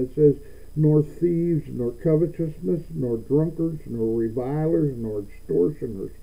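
A man's voice: fairly high pitch, gravelly. A man preaching a sermon as pastor, often stammering and repeating words, building to emphatic declarations. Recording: tinny phone-like sound.

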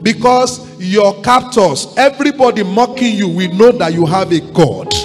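A man's voice: high-pitched, lively intonation, moderate pace, few pauses. A Nigerian man preaching a sermon as pastor, urging his congregation to repeat lines back to him with repeated declarations. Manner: exhorting, repetitive call-and-response with congregation. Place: large church hall. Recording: long church hall reverb, faint music.

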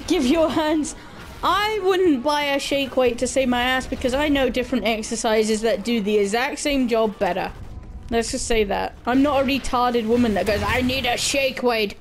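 A young woman chatting casually and bluntly with her viewers, crude and quick to giggle. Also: fairly high pitch, a little hiss or hum. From Britain. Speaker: gaming livestreamer. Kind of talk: casual chat answering viewer questions.

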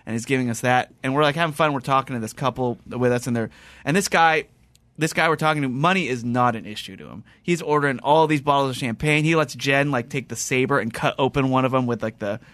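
A man's voice: mid-range voice, quick pace, no room sound. A man hosting a casual chat, telling a long story with many restarts and acted-out quotes. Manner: rambling, animated, lots of restarts and quoted dialogue. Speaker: podcast host.

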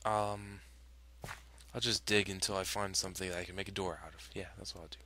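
A man's voice: low-pitched, level tone, brisk, sharp tone. A man hosting a let's play at home at night, muttering to himself, dropping to whispers and bursting into frustrated cries. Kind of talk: gaming commentary.

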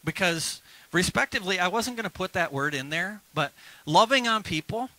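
A male pastor preaching a lively sermon at a church service, urging the congregation to repeat phrases after him. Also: high-pitched, normal speed, dry recording, poor audio.

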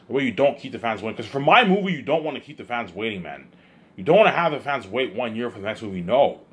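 A man's voice: medium pitch, big pitch swings, fast. A young man rambling in a casual vlog monologue, stumbling over repeated words and often checking whether the listener follows. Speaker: vlogger.

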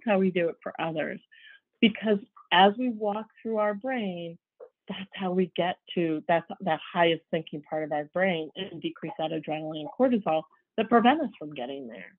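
A woman's voice: fairly low pitch, lively intonation, normal speed, no echo. Woman speaker over tinny phone-like audio. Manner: warm storytelling, acts out quoted dialogue. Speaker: workshop speaker. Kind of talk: conversational presentation. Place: home office.

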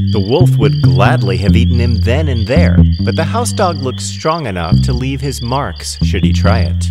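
A man narrates a children's fable with a gentle, expressive reading. His pitch rises and falls freely. Loud background music plays under his voice the whole time. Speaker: storyteller.

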